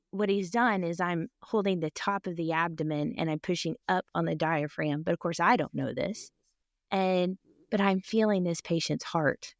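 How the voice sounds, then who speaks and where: A woman telling a personal story with animated energy, acting out other people's voices and laughing often. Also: lowish voice, no echo, studio quality. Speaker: guest.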